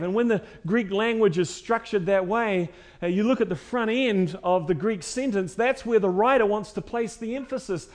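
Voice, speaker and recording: A man. He swings between loud, ringing declarations and quiet, hushed lines, and repeats key phrases for weight. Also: high voice, normal speed, hardly any pauses. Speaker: preacher. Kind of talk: sermon.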